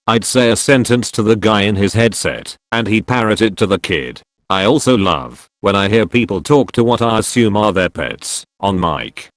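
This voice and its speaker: A man reading out a series of short anecdotes as scripted narration, in a steady, even delivery that keeps quoted lines flat. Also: fairly low pitch, dry recording. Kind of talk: scripted narration of online posts.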